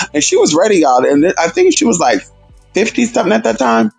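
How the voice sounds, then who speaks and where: A sassy man hosting a casual livestream, his gravelly, husky voice swooping up and down with lively expression. He chats straight to his viewers, full of attitude, with faint music playing underneath. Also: on the high side, a little fast. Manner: sassy, animated, addresses viewers as girl and honey. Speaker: livestream host.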